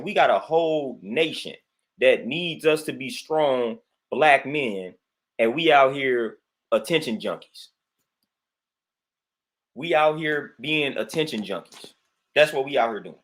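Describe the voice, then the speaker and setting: Here a livestream host delivers a repetitive, emphatic rant, saying "man" over and over and welcoming viewers in between his points. He speaks in a mid-range voice that comes across a bit bright.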